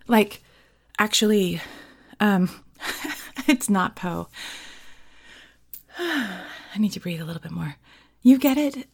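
Husky-voiced woman chatting slowly, laughing. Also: mid-range voice, darkish tone. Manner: rambling, laughing, drifting into whispers. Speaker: live performer reading requests. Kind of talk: casual chat.

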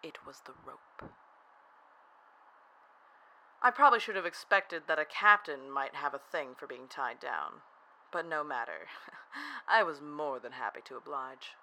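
A narrator telling a first-person erotic audio story in a soft, half-whispered, breathy delivery. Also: medium pitch, very animated, moderate pace, rough recording.

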